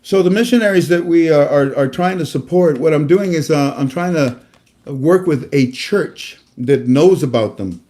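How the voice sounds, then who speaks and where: Guy rambling and preaching to his viewers, lots of uhs, warm mellow tone. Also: on the high side, moderate pace. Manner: rambling, preachy, with many fillers and restarts. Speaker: host. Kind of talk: casual religious talk to viewers.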